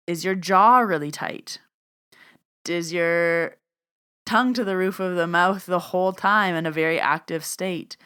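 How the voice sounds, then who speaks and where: A woman's voice: on the low side, a bit bright, clean tone. A young adult woman hosting a solo podcast as an energy worker, talking casually and reflectively, often repeating her questions.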